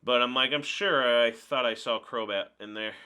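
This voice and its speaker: A man giving live commentary over his own card game match, chatting through each move out loud. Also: mid-range voice, moderate pace, clean tone. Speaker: card game video creator.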